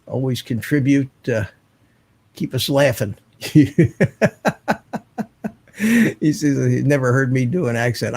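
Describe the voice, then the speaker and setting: A man's voice: mid-range voice, vocal fry, slightly rough. An older man hosting a live online drone show, chatting casually and thanking viewers one by one. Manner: relaxed, chatty, thanks chat members by name. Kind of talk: casual live-stream chat.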